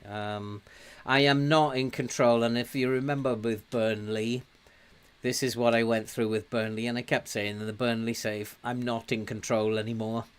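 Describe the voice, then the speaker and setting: A man's voice: medium pitch, steady tone, moderate pace, smooth. A man doing casual let's-play commentary, grumbling and mocking himself, and scolding the players on screen. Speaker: gaming commentator.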